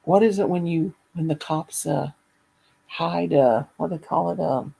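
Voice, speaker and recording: A middle-aged woman telling a funny story in a casual chat, animated and laughing as she goes. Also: low voice, a little slow, creaky, low-quality recording. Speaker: caller.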